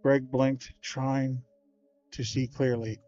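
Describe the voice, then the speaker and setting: A man's voice: mid-range voice, slow pace, dry recording, soft background music. A man hosting a livestream, reading a children's horror book aloud with small stumbles along the way. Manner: steady read-aloud with small stumbles and slangy asides. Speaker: livestream host. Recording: dull lo-fi stream audio.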